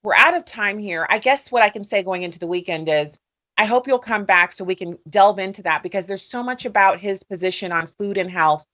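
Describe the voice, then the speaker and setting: A woman's voice: medium pitch, fairly quick, sharp tone, highs cut off. A woman hosting a political interview on radio, friendly as she wraps up the segment. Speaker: radio host.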